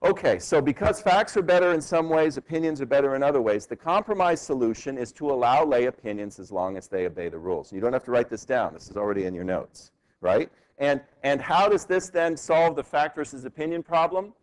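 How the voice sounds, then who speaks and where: A man's voice: medium pitch, fairly quick. A man teaching a law class in a university lecture hall. He speaks conversationally and keeps asking the class "right?" as he goes. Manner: conversational, frequent tag "right?", animated rhetorical questions. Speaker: law professor.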